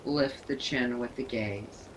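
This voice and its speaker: A woman leading a yoga class, giving calm, soothing cues. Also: extremely low pitch, slow pace, a little hiss or hum, poor audio. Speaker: yoga teacher. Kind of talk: guided yoga instruction.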